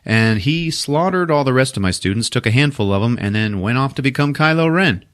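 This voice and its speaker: A man casually recapping a movie for a podcast, swearing, laughing and acting out the characters in quick voices. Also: mid-range voice, animated, fairly bright tone. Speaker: podcast host recapping a film.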